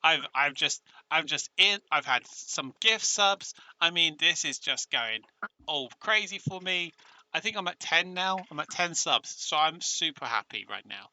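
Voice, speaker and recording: Bright excitable British male streamer. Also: fairly high pitch, a little slow, no echo. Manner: excitable, emotional, stumbling restarts. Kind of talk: casual live-stream chat.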